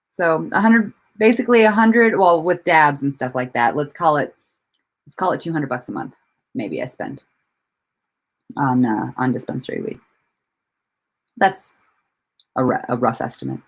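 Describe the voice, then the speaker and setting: A woman's voice: deep voice, big pitch swings, normal speed, long pauses. A woman hosting a casual livestream chat from home, laughing often, swearing freely and rambling with restarts while she greets and answers viewers. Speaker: livestream host.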